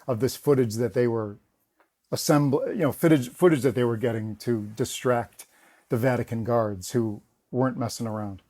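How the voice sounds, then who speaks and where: Animated male interview guest telling anecdotes. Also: medium pitch, normal speed. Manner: animated anecdotes with frequent laughs and restarts. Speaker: guest, former film production assistant. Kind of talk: casual interview storytelling.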